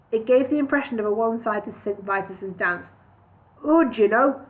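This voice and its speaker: A woman reading a parody fantasy novel aloud, sometimes stopping to redo a line. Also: medium pitch. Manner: stops and redoes lines. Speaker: reader. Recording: tinny phone-like sound.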